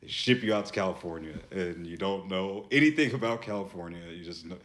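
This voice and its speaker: A man from Virginia in his thirties talks as a podcast guest, his voice sitting very low. He has a slight Southern accent and rambles loosely, tossing in "you know what I mean" again and again. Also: brisk, fairly bright tone. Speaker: guest artist. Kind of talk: casual podcast chat.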